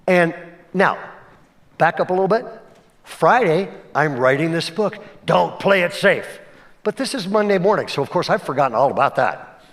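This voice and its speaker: A male pastor giving a conversational sermon, swinging between emphatic and hushed delivery and often checking in with his listeners. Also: on the high side, lively intonation, moderate pace. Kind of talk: sermon storytelling.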